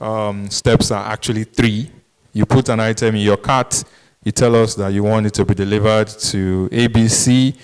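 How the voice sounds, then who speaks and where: A man's voice: on the low side, clear, resonant tone, low-quality recording. A man presenting at a business masterclass, explaining points with frequent "um" fillers and "right?" tags. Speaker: e-commerce speaker at business masterclass. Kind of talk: conference presentation.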